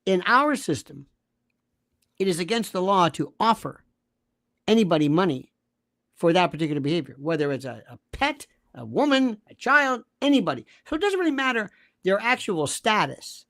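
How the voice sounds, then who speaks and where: A man's voice: high-pitched, big pitch swings, normal speed, a bit bright. A man speaking as a guest commentator, arguing emphatically with rhetorical questions and acting out quoted voices. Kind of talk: animated conversational argument.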